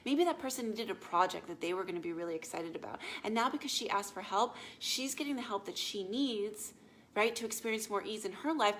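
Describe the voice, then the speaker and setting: Woman coach chatting live to her viewers, keeps asking yeah? okay?, lively storytelling, faint noise behind. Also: fairly high pitch. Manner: animated, retells stories with voiced asides. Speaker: life coach. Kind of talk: casual live talk to viewers.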